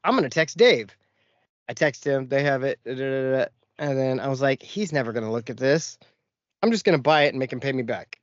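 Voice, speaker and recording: A man co-hosting a podcast rattles off rambling stories fast, laughing frequently in the casual chat. His voice is medium-pitched, and the audio is muffled but echo-free.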